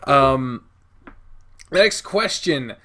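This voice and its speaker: A man's voice: mid-range voice, lively intonation, very slow, sharp tone. A young man hosting an online interview podcast over a video call, laid-back, swearing freely and laughing easily. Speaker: podcast host.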